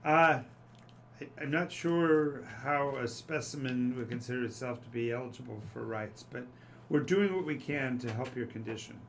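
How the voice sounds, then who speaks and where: A man's voice: medium pitch, normal speed, a little hiss or hum, close to an everyday voice. A man voicing a nervous, officious female facility official in a tabletop game, with a stammering, bureaucratic way of speaking. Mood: wary.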